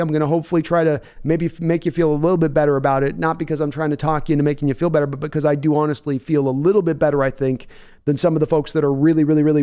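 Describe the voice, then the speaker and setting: A man's voice: on the high side, warm tone, clean tone. Man hosting a live reaction stream. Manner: rambling, self-deprecating, laughs often. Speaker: livestream host.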